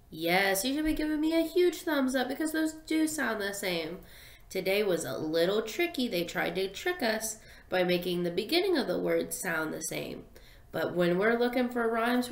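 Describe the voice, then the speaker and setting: A young woman teaching a phonics lesson to small children, sounding out letters slowly and in a sing-song way. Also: mid-range voice. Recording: echoey room.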